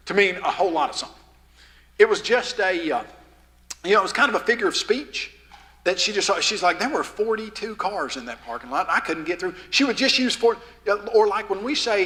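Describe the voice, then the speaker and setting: A man with a Southern drawl giving a lively, folksy lesson to a youth rally in a church, quizzing the crowd as he goes. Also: high voice, long reverb tail. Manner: asks the crowd questions, folksy and animated. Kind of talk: lively teaching talk to teens. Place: church hall, live audience.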